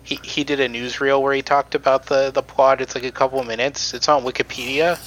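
A man's voice: medium pitch, flat delivery, brisk, a bit bright, a little hiss or hum, low-quality recording. A man on a podcast presenting research in casual chat, with many ums and restarts.

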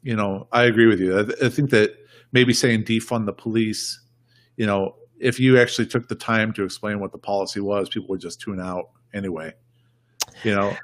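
Man, lowish voice, dry close sound; rambling, emphatic podcast guest. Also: steady tone, brisk, dry recording. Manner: rambling, emphatic, repeats himself. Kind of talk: casual political chat.

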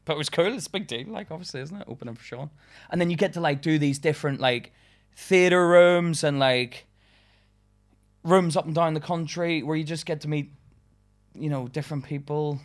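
A man's voice: on the high side, fairly quick. A young man from England, a stand-up comedian guest chatting casually on a podcast, laughing often and swearing as he rambles through stories.

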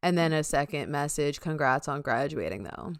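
Young female podcast co-host, chatty and giggly, low clear voice. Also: animated, normal speed, dry recording, studio quality. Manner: giggly, chatty, many fillers. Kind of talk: casual chat.

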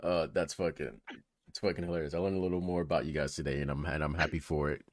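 A man's voice: very deep voice, fairly even intonation, fast talker, dry recording, studio quality. A young man hosting a casual podcast, laid-back, swearing and laughing easily. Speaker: podcast host.

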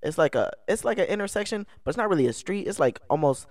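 A man's voice: sits high, sing-song, fast talker, darkish tone, no echo, studio quality. A young man, a podcast co-host, telling a story in casual chat, rambling and restarting his sentences and laughing along the way. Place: indoor podcast setup.

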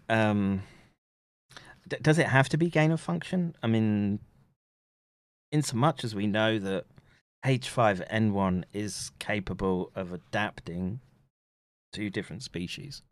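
A man with an English accent rambles through a livestream at a very unhurried pace, pausing to read out viewer comments and chuckling between remarks. His voice sits somewhat low, and it is recorded close and dry with almost no room sound. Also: a bit bright, dry recording. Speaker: livestream host reading chat. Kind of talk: casual livestream chat.

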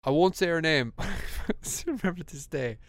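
A young man with an Irish accent, a podcast co-host telling a story in casual chat, animated and laughing, with lots of restarts. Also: fairly high pitch, normal speed, no room sound.

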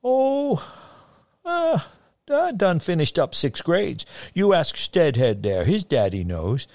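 A man's voice: a little high, very animated, takes it slowly, a little mellow, dry recording, studio quality, voice pushed up, full character voice. A sing-song old backwoods man. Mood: folksy. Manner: rustic drawl with stammers.

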